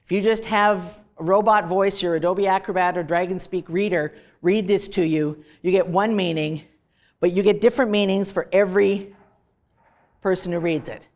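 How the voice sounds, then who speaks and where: A woman professor with a Canadian accent lecturing a class in a classroom, lively and emphatic, stressing words for effect. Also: on the low side, normal speed.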